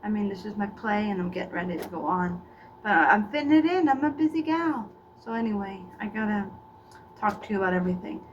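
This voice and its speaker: Expressive and fairly quick, this middle-aged woman's mid-range voice has a lo-fi sound. Playing a former child actor past her prime, the comedian rambles through gossipy chatter, often stammering and starting over, recorded from a distant mic with faint background noise.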